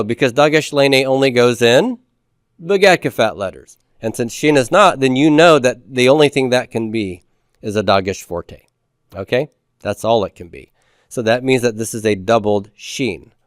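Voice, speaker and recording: Man, lecture style, patient and repetitive, smooth resonant voice, dry recording. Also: mid-range voice, no echo. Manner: patient, repeats key points, checks understanding with "okay?". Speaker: Hebrew grammar teacher. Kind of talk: classroom lecture.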